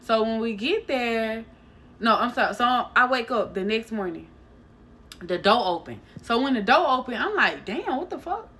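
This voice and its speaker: A woman's voice: on the high side, animated, moderate pace, sharp tone. A young adult woman, a hairstylist, telling a long storytime to her viewers in a loose, chatty way, swearing and calling them y'all. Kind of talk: casual storytime vlog.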